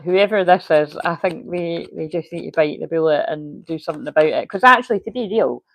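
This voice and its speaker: A woman's voice: low voice, fairly quick, creaky, low-quality recording. A woman giving a casual livestream tarot reading, chatty, swearing freely and laughing often. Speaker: tarot reader.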